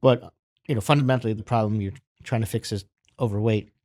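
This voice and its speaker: A man's voice: on the low side, fairly even intonation, fast talker, darkish tone, no room sound, clean studio sound. A man talking in casual chat as a podcast guest, laid-back and trailing off with many "like"s.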